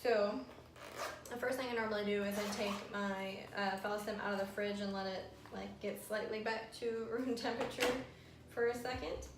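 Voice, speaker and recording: Young woman, mid pitch, frank casual vlogger voice, roomy echo. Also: steady tone, moderate pace, noisy background. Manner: frank and chatty, many fillers. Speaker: vlogger sharing her fertility treatment. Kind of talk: casual explainer vlog. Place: room at home. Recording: echoey room, faint music.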